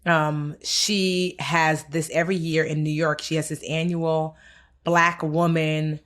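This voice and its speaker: A woman's voice: deep voice, level tone, takes it slowly, a bit bright. A woman co-hosting a podcast in casual chat with an American accent, talking candidly and a bit wearily about the year. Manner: candid, tired, reflective. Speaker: podcast co-host.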